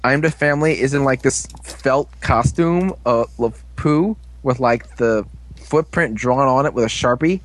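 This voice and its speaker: A man's voice: medium pitch, unhurried, rough recording. A young man casually recapping a TV episode, rambling, joking and losing his place.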